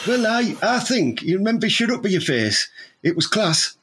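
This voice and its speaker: A man's voice: sits high, sing-song, moderate pace, a bit bright, slight background noise. A man with a Teesside accent co-hosting a podcast, swearing and joking in casual banter. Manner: sweary, jokey, laughs often. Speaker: podcast co-host.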